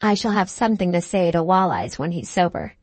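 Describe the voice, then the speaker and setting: Brief: woman reading a brisk authoritative police sergeant, lowish voice, dry audiobook sound. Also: animated, no echo. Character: gruff male police sergeant giving orders.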